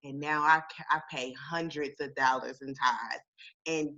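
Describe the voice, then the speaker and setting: A woman chatting casually and telling a personal story in a relaxed, easygoing way. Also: sits low, unhurried, muffled recording. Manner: chatty and relaxed, says "like" a lot, laughs easily. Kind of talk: casual chat.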